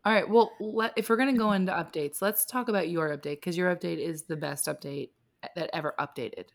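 Supportive woman co-host, low voice. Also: brisk, gravelly. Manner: supportive, short replies and questions. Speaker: podcast co-host. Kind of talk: casual podcast chat.

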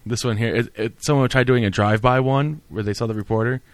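A man chatting with his family in a relaxed home conversation. He laughs easily and takes his time explaining things. His voice sits mid-range and is recorded close and dry. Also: mid-range voice, fast, no room sound. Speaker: vlog host. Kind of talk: casual chat with family.

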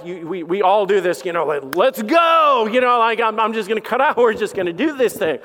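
A man's voice: sits high, a bit bright. A middle-aged man preaching a sermon in a casual, joking way, full of fillers and repeated starts. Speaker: pastor. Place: church sanctuary. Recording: long hall reverb.

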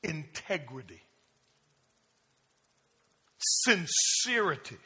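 A male pastor preaches with a high, lively voice that swoops up and down. His tone is bright and a little husky. He keeps calling out questions to the congregation, and his words ring through a big church hall with a long reverb. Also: extremely slow. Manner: call-and-response preaching, asks the congregation questions; plain-spoken, acts out casual prayers. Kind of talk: sermon. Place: church sanctuary.

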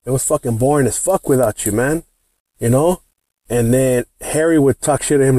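A man's voice: mid-range voice, fairly quick, dark tone, dry recording. A man hosting a podcast, telling a personal work story in a heated, profane, slangy way. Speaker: podcast host. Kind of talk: casual storytelling.

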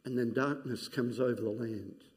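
A man preaching a sermon, retelling scenes dramatically and dropping to hushed, near-whispered quotes. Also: mid-range voice, moderate pace. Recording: long hall reverb.

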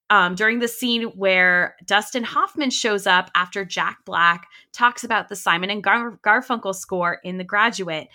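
A young woman chats enthusiastically about films as a podcast co-host. Her voice is bright and forward, full of quick "like" fillers and happy asides. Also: mid-range voice. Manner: chatty, enthusiastic, many "like" fillers. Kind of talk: casual chat about films.

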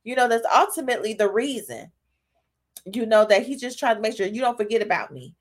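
A woman hosting a podcast gives a casual devotional talk, speaking straight to her listeners with "y'all" and "right?" and growing emotional. Her voice is fairly high, animated and a little fast.

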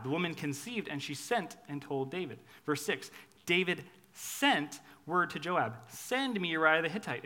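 A man delivers a sermon in a casual, conversational way, with a bright, fairly high voice. He drops to quiet, intimate lines and then climbs to loud, emphatic ones. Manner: lively, conversational, swings from hushed to loud. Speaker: preacher.

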